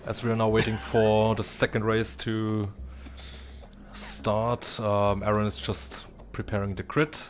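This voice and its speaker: A man's voice: on the low side, completely flat delivery, a little slow, soft background music. A man commentating a racing stream in casual chat, hesitant and full of fillers.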